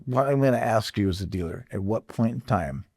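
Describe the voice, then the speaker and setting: A man's voice: fairly low pitch, expressive, fairly quick, a little mellow, slightly rough. A man, a guest in a business interview, explaining his sales method earnestly, with frequent restarts. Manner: earnest, repeats himself, acts out sales letters. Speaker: guest, dealership marketing consultant. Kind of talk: casual interview talk.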